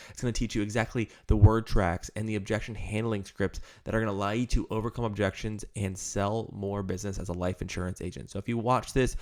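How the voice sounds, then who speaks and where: A man's voice: on the low side, echoey room. A man teaching insurance agents how to open sales calls in a live video-call training, coaching them and acting out friendly call lines.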